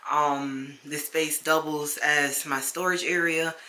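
A woman chatting casually to camera at home, easygoing and talkative. Her voice is bright and forward. It bounces around a hard, echoey room. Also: low voice, fairly even intonation, takes it slowly. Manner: chatty and easygoing, calls the viewer "child". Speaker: lifestyle vlogger. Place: home, indoors.

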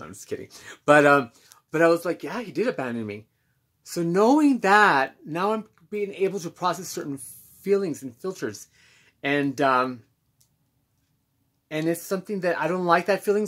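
Halting, candid man with a higher voice. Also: fairly bright tone. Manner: halting, reflective, many pauses and restarts. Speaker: self-help channel host. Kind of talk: candid personal monologue.

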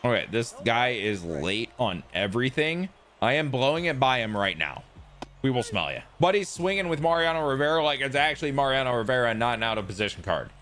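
A young man giving casual, excitable commentary on his own gameplay, jumping between loud outbursts and muttered self-deprecating asides. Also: medium pitch, fairly quick. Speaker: gaming YouTuber.

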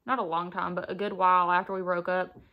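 Talking fast in a fairly low voice with little pitch movement, a young beauty vlogger does her makeup on camera. It's a candid get-ready-with-me chat, loose and full of fillers, and the recording sounds muffled.

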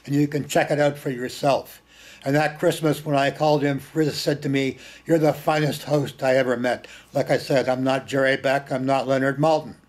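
This man, who hosts film screenings, has a mid-range voice with a steady tone and moderate pace. He tells stories informally and with animation, repeating words for emphasis and dropping in blunt, earthy remarks.

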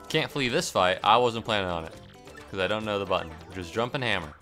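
Lively male streamer, animated low voice, bright tone, faint game music behind. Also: a little fast. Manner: energetic, joking, swears freely. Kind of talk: casual gameplay commentary.

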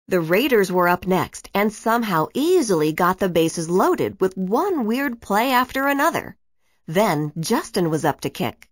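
A woman narrating a children's storybook in an expressive, animated reading. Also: mid-range voice, unhurried, dry recording, clean studio sound.

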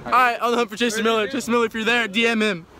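A young man vlogging on his phone outdoors by the ocean, excitable and quick to exclaim at his friends. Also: very high-pitched, crowd noise. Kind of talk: casual vlog chat. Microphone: phone camera. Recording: noisy outdoor phone recording.

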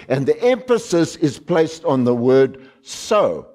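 A man preaching a sermon, slow and emphatic, repeating key phrases and stressing single words. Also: a little high, very animated, warm tone. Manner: repeats phrases and restarts with fillers.

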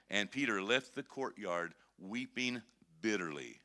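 A male pastor preaching a sermon, emphatic and conversational, with swings between quiet and intense. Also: mid-range voice, expressive, moderate pace.

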